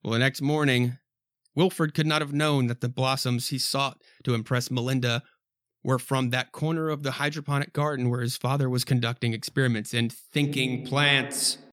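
A man reads a horror comic aloud as a podcast host, drifting between narration and loose, rambling commentary. His pitch is ordinary, and the sound is dry and close. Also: fairly even intonation, normal speed, fairly bright tone, dry recording. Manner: rambling, laughs at himself. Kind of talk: casual comic reading and commentary.

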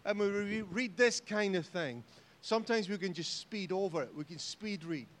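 A man with a Scottish accent preaching a sermon in church, jokey and animated, rising to loud exhortation. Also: high-pitched, moderate pace. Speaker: pastor. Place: church hall.

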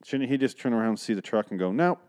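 A young man with a somewhat low voice recaps a TV episode in casual podcast style. He rambles from point to point, swears freely, and drops in sarcastic asides. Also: rapid-fire, a little mellow. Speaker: podcast host.

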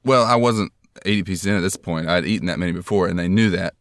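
Male podcast host, deep voice, self-deprecating storyteller, dry close mic. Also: fast, dry recording. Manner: rambling, self-deprecating, jokey.

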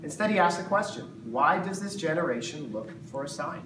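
A man's voice: fairly high pitch, lively intonation, fairly quick. A man teaching the Bible to a small group in casual, jokey talk, acting out voices of the disciples. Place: room with a live group. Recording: echoey room, distant mic, noisy background.

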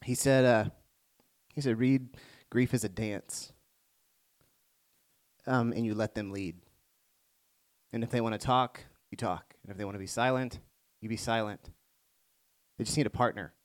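A man preaching a sermon to a congregation, moving between hushed reflective passages and rising emphatic ones. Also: fairly low pitch, unhurried, pauses often. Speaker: pastor.

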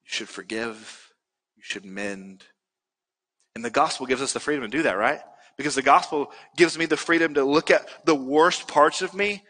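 A man's voice: mid-range voice, normal speed, sharp tone, long reverb tail. A male pastor preaching a sermon earnestly, building to emphatic peaks.

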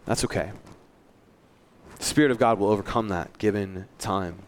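A man's voice: lowish voice, moderate pace, a little hiss or hum. Man preaching an earnest sermon. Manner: earnest, conversational preaching with self-deprecating asides. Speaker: pastor. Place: church.

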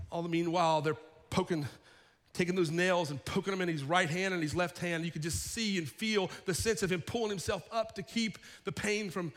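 A man preaches with a high, climbing voice, acting out the story as he tells it. His words keep doubling back on themselves. The sound rings through a large, echoing church. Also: fairly even intonation, a little fast, a bit bright. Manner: dramatic storytelling, acting out biblical characters; repeats words, restarts phrases. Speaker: pastor. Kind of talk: sermon. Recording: long hall reverb.

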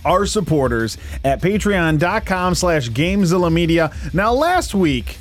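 A man's voice: high-pitched, big pitch swings, unhurried. A man co-hosting a podcast, reading out an upbeat, emphatic plug. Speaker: podcast co-host.

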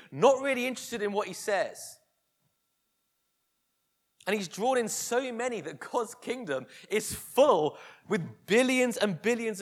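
A man preaching a sermon, telling a scripture story vividly and dropping to a hush for tender moments. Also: high voice.

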